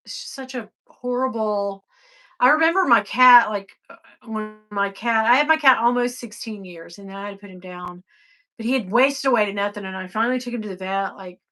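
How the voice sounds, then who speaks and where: Chatty woman livestreamer with a bright voice. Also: fairly quick. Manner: chatty, swings from sighing softness to excited high bursts. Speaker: livestream host. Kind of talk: casual live chat reading comments.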